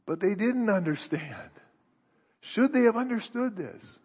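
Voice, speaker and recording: A man's voice: high voice, lively intonation, measured pace, darkish tone, slightly rough. A man preaching a sermon, earnest and searching, thinking aloud with restarts, in an echoey hall.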